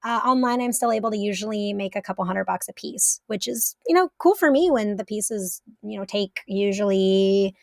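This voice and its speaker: A woman's voice: medium pitch, moderate pace, creaky, few pauses, darkish tone, dry recording, studio quality. A woman guest talking casually on a podcast, chatty and swearing freely, with many fillers. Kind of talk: casual chat.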